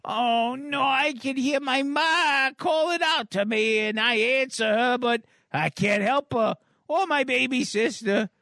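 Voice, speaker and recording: A man voicing a panicked teenage boy trapped in a burning house, pleading in a high, strained voice. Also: a little slow, hardly any pauses, pushed and bright, no echo, clean studio sound, heavily acted.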